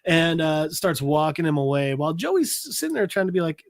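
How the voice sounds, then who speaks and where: A man's voice: on the high side, a little fast. Guy on a podcast recapping a comic, swearing a lot, acting out lines. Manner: animated, profane retelling that acts out the characters' lines. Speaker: podcast co-host presenting a comic segment. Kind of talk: casual comic book recap.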